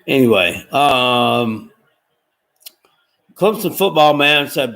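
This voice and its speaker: A man's voice: mid-range voice, lively intonation, unhurried. A man hosting a live watchalong from home, reading out chat comments in a rambling, folksy and profane way. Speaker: livestream watchalong host.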